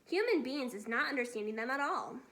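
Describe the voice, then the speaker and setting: Gentle big friendly giant read by a woman, soft and whispery, talks in muddled grammar, storybook read-aloud. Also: high-pitched, animated, fairly quick.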